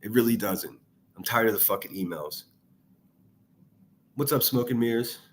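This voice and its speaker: A man's voice: on the low side, moderate pace. A man ranting angrily over clips he plays, swearing heavily and hurling insults as a commentary youtuber. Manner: angry, profane, shouting insults.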